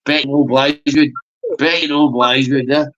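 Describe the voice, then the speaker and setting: A Glaswegian man in full argumentative flow, swearing freely as he bickers. His voice sits at a middling pitch but jumps sharply higher whenever he gets worked up. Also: level tone, moderate pace, fairly bright tone, lo-fi sound. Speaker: livestream guest. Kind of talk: heated banter.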